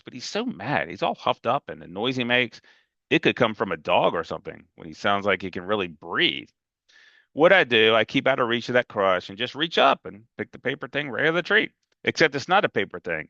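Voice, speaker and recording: A man's voice: fairly low pitch, bright, forceful tone, no room sound, highs cut off. A man reading a novel aloud in a casual, emphatic first-person storytelling manner. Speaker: reader.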